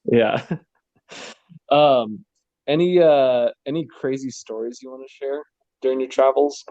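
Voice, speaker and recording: A man's voice: mid-range voice, unhurried, mellow, no echo. A man hosting a podcast, asking casual questions and laughing along in easygoing chat. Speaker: podcast host. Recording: dull lo-fi sound.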